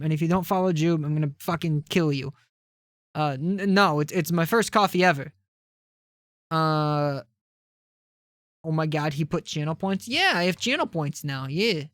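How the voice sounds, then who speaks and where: Recorded with studio quality and no room echo, this game streamer has a mid-range voice. Gaming live, they talk loosely with the audience, cursing frequently and wandering off in self-deprecating tangents.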